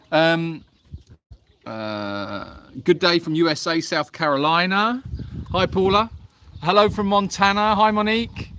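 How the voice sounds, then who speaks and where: A man's voice: on the high side, a bit bright, slight background noise. A man hosting a casual livestream from an animal sanctuary, chatting outdoors among donkeys and greeting viewers by name in a friendly, self-deprecating way. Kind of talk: casual live-stream chat reading comments.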